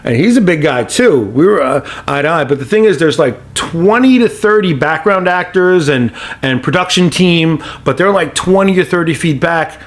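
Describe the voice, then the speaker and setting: A man with a somewhat high-pitched voice tells stories as a podcast guest. His delivery is animated and casual. He peppers his sentences with "you know" as he builds each anecdote. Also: moderate pace, few pauses. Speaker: guest actor.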